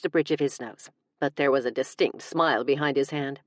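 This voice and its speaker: Brief: woman narrator with a deep voice, wry first-person comic storytelling, dead-dry studio sound. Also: brisk, few pauses, no echo. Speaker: audiobook narrator.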